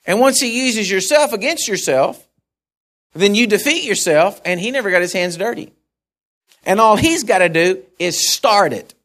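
Guy giving a sermon, voice a bit high, swings up and down a lot, chatty and thinking out loud. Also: normal speed. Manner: animated, conversational, musing aloud with self-corrections. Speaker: preacher.

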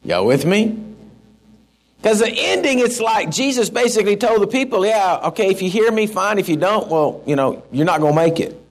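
A middle-aged man preaching a sermon in a folksy, animated way, with asides to the congregation. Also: high voice, normal speed. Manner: folksy, animated, with asides and shouted mock-rants. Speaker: pastor.

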